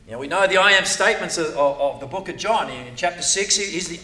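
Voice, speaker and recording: A man's voice: fairly high pitch, animated, brisk, bright, forceful tone. A man preaching a sermon in a conversational way, often repeating words and checking in with "right?". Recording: echoey room, voice from a distance.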